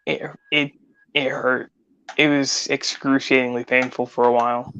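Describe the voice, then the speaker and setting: A man's voice: medium pitch, level tone, normal speed, bright, forceful tone. A man co-hosting a casual podcast, talking in a laid-back, easygoing way. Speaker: podcast co-host. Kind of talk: casual chat. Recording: dull lo-fi mic with faint hiss.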